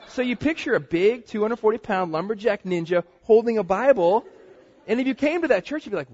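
A young man preaches in a loose, chatty way, acting out stories and what people say with lively energy. His voice sits a little high and husky. The recording is dull and muffled, with a long hall reverb trailing behind. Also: brisk, a faint crowd. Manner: animated storytelling, acts out quotes. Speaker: pastor teaching a Bible study. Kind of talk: casual sermon.

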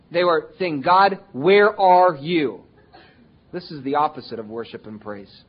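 A pastor preaches in a loose, conversational way. His voice sits a little high, and he now and then acts out whining complaints. The recording is dull and lo-fi, as if taken in a church hall. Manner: conversational preaching with acted-out quotes of whining people. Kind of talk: sermon.

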